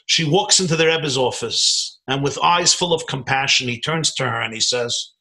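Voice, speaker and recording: A man from Brooklyn, a rabbi, telling a story in an animated, emphatic lecture over a video call. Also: mid-range voice, moderate pace, gravelly, low-quality recording. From Brooklyn, New York, US. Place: home in a suburban area, on a video call. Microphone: video call computer mic.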